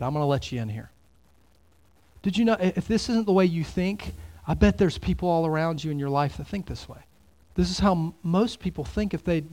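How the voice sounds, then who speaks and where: A man preaching a sermon as pastor, swinging between loud exclamations and hushed, near-whispered lines. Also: fairly high pitch.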